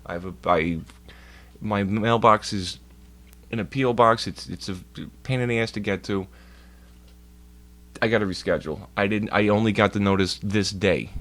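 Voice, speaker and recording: A man's voice: lowish voice, fairly bright tone. A man streaming from home, rambling through a profane story in casual chat and putting on voices for the people he quotes. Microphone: laptop mic.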